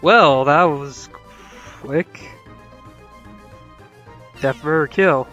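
A video game player who reads the game's dialogue aloud with lively, shifting pitch. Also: very slow, dull audio, faint music behind.

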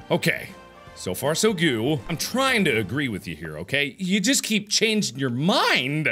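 A young man giving game commentary, talking to the game, swinging from mock-soothing murmurs to loud, exasperated outbursts. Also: on the high side, wildly swooping pitch, slow pace, breathy edge, faint music behind. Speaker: gaming video host.

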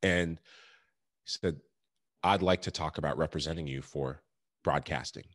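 A man's voice: rumbling low, normal speed, a bit bright, dry recording, studio quality. A man in his thirties telling his story in an interview, earnest and reflective, laughing often. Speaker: podcast guest, former pro athlete.

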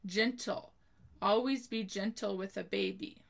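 A woman teaches children a spelling lesson slowly and carefully, spelling out each word letter by letter and then offering an example sentence. Her mid-range voice is fairly even, gravelly and a bit bright.

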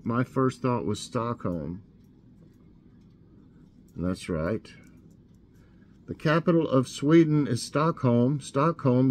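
A man hosting a casual trivia show, reading questions aloud and thinking out loud as he guesses. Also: mid-range voice. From Tennessee. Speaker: host.

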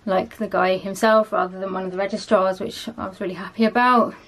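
A young woman talks casually to her vlog audience. She sounds tired and sluggish, and her speech wanders with lots of fillers. Her pitch sits in the middle for a woman. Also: steady tone, brisk. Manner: chatty, rambling, lots of ums and likes. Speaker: vlogger. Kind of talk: casual chat.

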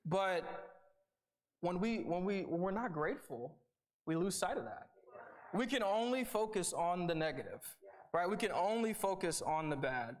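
A man's voice: high-pitched, animated, normal speed. Earnest young man preaching casually. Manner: conversational, earnest, with repeated starts and "right?" asides. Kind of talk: sermon.

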